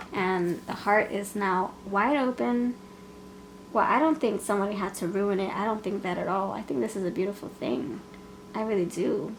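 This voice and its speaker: A woman's voice: mid-range voice, slight background noise, rough recording. A woman giving a casual pick-a-card tarot reading, playful and chatty, laughing often as she talks. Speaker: tarot reader.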